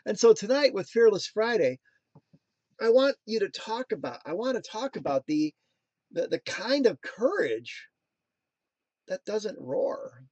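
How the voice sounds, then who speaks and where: A man in his thirties hosts a casual motivational talk, with a high-pitched voice recorded dry and close. He wanders into playful, jokey tangents and then returns earnestly to his message. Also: big pitch swings, measured pace, pauses often, a little mellow, slightly rough, no echo, dull audio. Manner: playful, jokey asides, sings snatches. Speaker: motivational show host.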